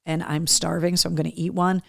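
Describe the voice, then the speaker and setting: A woman's voice: lowish voice, little pitch movement, fairly quick, creaky, a bit bright, no echo, clean studio sound. A woman hosting a live webcast, chatting casually and bluntly, swearing and reading out viewer comments while eating. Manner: chatty and blunt, swears freely, talks with mouth full. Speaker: radio host running a live webcast. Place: small home studio.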